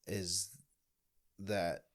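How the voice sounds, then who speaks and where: A young stand-up comic chats on a podcast, telling rambling, animated stories and swearing often. His voice sits low and he speaks very slowly.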